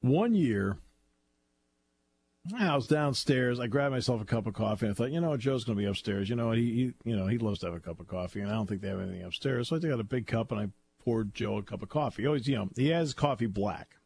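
A man hosting a sports talk radio show, chatting casually and telling animated stories with frequent laughter. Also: mid-range voice, quick pace, gravelly, a little hiss or hum. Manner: animated storyteller, laughs often.

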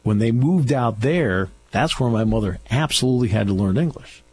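A man's voice: medium pitch, expressive, moderate pace, darkish tone, slight background noise. A middle-aged man hosting a radio talk show, telling stories in a chatty way with restarts. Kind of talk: casual radio chat. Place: radio studio.

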